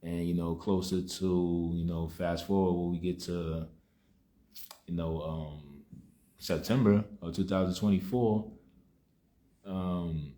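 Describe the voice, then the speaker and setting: A young vlogger shares a personal testimony casually, rambling and full of "you know" fillers. He sounds subdued and reflective, his low, dark voice slow and fairly even, with long pauses.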